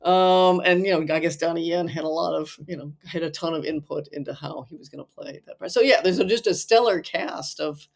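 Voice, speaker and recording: A woman's voice: low voice, a little fast, vocal fry, few pauses. A woman co-hosting a podcast, chatting casually and enthusiastically about films, laughing often and using many fillers. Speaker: podcast co-host. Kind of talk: casual film discussion.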